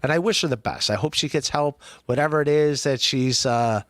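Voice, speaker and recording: A man's voice: medium pitch, fairly quick, fairly bright tone, no room sound, clean studio sound. A man hosting a podcast, chatting casually and rambling with frequent laughs and restarts. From Ohio. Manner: rambling, laughs often, many restarts and fillers. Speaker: podcast host. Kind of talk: casual rambling livestream chat.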